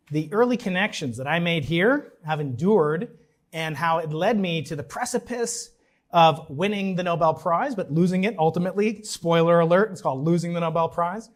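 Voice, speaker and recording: Man, from Long Island, commencement speaker, fairly high voice, joking asides, restarts. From New York, Long Island. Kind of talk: ceremonial speech. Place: large ceremony venue.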